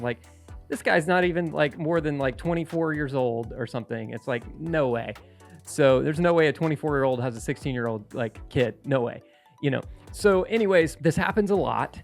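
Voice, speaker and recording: Male host, rough creaky voice, loose chatty tutorial delivery over soft music. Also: mid-range voice. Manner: rambling, conversational, with frequent fillers and restarts. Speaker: real estate investor and channel host. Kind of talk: casual screen-share tutorial.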